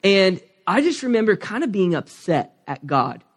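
Male pastor, 30s, candid rambling sermon storyteller with a fairly high voice. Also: very animated, moderate pace.

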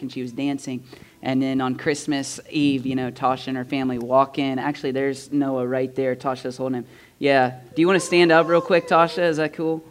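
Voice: medium pitch, fairly even intonation, moderate pace, clear, resonant tone. A pastor speaking casually to a congregation, upbeat, with stammered repeats. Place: church sanctuary.

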